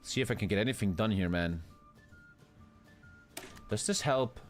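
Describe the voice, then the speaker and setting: A man's voice: lowish voice, moderate pace, music in the background. A man with a German accent, streaming a strategy game with casual, profane, rambling commentary. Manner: profane, rambling, bro-talk. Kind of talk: casual live gaming commentary.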